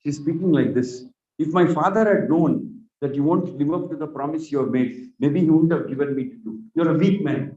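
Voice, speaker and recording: Desperate devoted wife played by an indian man, quick high pleading, muffled recording. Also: dark tone, reverberant, natural voice. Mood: reproachful. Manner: raised pitch, emphatic repetition. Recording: dull lo-fi recording.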